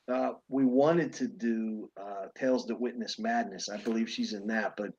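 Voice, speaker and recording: A man's voice: lowish voice, fairly even intonation, normal speed, darkish tone, breathy edge, muffled recording. A man, a guest on the show, answering hesitantly in short replies. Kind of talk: casual chat.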